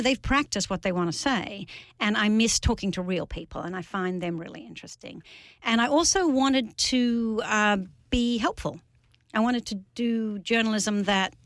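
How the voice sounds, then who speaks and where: Australian woman guest, articulate and conversational, mid-pitched, dry close studio sound. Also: no room sound. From Sydney, Australia. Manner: articulate and conversational, explaining ideas at length. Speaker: guest, author and journalist. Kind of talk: radio interview. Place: radio studio.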